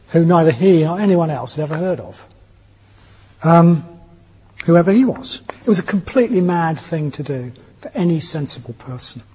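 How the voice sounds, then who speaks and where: A man's voice: on the high side, a little mellow, husky. A man giving a Buddhist dharma talk, telling a story in a conversational, hesitant way with many filler sounds. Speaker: Buddhist teacher. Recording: echoey hall, dull lo-fi sound.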